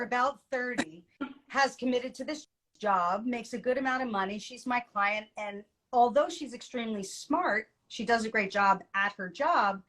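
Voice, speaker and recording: Woman podcast co-host, animated storyteller, quick to laugh. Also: a little high. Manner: lively storyteller, laughs often. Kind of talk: casual podcast chat.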